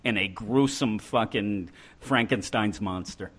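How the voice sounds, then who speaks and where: A man's voice: fairly low pitch, a little slow, a bit bright. A man hosting a podcast, riffing in rambling, profane, joking banter. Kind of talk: casual comedic banter.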